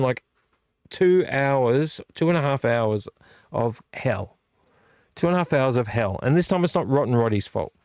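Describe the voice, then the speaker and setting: A vlog host, frustrated and weary, rambles self-deprecatingly with frequent restarts during a casual late-night vlog in his home movie collection room. His voice is medium-pitched and darkish, with no room sound.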